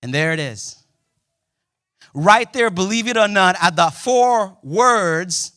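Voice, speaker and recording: A young male pastor delivers a sermon in a loose, conversational way, cracking small jokes and suddenly hitting key words loudly. His voice sits high and sounds bright and forceful. The sound is close and dry, with no room echo. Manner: lively, conversational preaching with jokes and sudden loud emphasis. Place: church auditorium.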